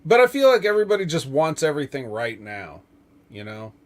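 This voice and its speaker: Male podcast host, raised pitch, loose rambling delivery, filler-heavy. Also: sing-song, brisk. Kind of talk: casual wrestling chat.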